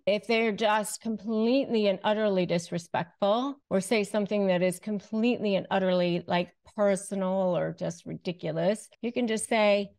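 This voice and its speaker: A woman teaches viewers in a direct-to-camera advice lesson, with a faintly gravelly edge to her mid-pitched voice. She talks calmly and deliberately, stretching out phrases she wants to land. She sounds steady and sure of herself. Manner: calm, deliberate, often slows to stress phrases. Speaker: host, negotiation and relationship coach.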